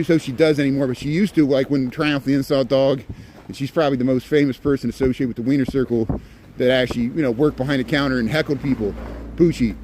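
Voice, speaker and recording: A man's voice: mid-range voice, a little mellow. Rambling man vlogging on a night walk. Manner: rambling, chatty, many restarts. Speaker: walking vlogger. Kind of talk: casual walking commentary. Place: outdoors on city streets at night. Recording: faint street and traffic noise.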